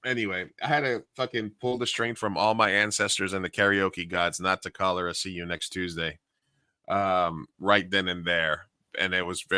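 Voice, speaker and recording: Animated storytelling man, bright voice. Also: deep voice, clear, resonant tone, no room sound. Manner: animated, swears freely, acts out quotes. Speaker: podcast co-host, karaoke host. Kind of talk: casual storytelling chat.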